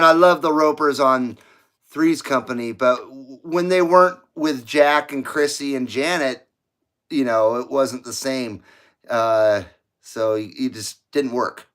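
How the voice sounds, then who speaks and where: A middle-aged American man talks on his CB radio livestream in a relaxed, meandering way, his voice sitting a little higher than most men's. He wanders from topic to topic and chuckles at his own remarks. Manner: rambling, chatty, laughs at own jokes. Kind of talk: casual livestream chat.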